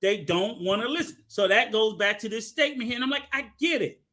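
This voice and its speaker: High, bright-voiced man telling stories. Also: quick pace. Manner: profane, animated storytelling. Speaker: podcast co-host. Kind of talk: casual chat.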